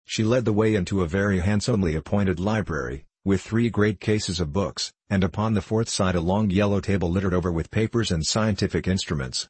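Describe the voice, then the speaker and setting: Low husky male narrator. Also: fairly quick, few pauses, darkish tone, no room sound. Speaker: audiobook narrator. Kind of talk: scripted narration.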